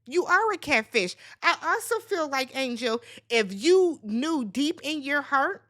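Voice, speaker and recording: Sassy, bright-voiced woman ranting. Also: high-pitched, big pitch swings, a little slow. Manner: sassy, blunt and profane, swinging into loud squeals. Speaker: recap channel host. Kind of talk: casual reality TV recap rant.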